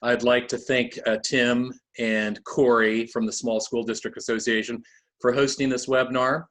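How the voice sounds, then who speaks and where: A man in his fifties presenting a webinar over a video call, halting, with many fillers. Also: mid-range voice, little pitch movement, fairly bright tone.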